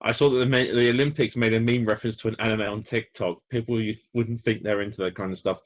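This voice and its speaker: A man, a podcast co-host telling stories in casual chat, halting and full of fillers. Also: lowish voice, steady tone. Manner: rambling, halting storyteller with many fillers.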